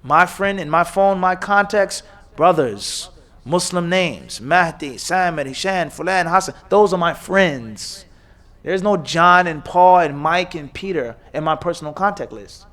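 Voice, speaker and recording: A man with a somewhat high-pitched voice delivers a sermon at an Islamic center. He lectures emphatically, stacking instructions in lists and pressing his points with rhetorical questions. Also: measured pace, a bit bright. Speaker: imam. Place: mosque or Islamic center hall.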